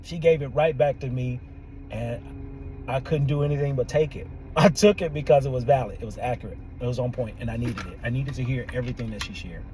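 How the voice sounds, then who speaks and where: A man, a therapist and podcast host, telling a story in an animated way, often laughing and quoting people. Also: mid-range voice, brisk, noisy background. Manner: animated, laughs often, quotes people in their own voices. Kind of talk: storytelling monologue.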